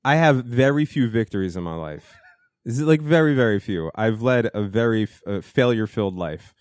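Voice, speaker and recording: A man's voice: medium pitch, expressive, fairly quick, darkish tone, no echo, clean studio sound. A man in his thirties, stoned, telling a rambling self-deprecating story in casual podcast chat. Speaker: podcast co-host.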